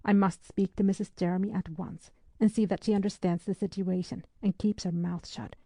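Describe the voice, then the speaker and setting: A woman's voice: medium pitch, steady tone, fairly quick, mellow, no echo, close to an everyday voice. A woman voicing a grim, curt naval captain in an audiobook, speaking in clipped, serious tones. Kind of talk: audiobook character reading.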